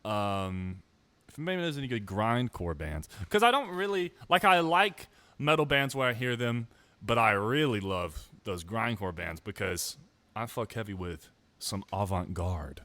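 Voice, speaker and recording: A man's voice: fairly low pitch, very animated, measured pace, sharp tone, no room sound. Rambling, self-mocking young man. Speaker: musician vlogger. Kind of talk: rambling casual monologue.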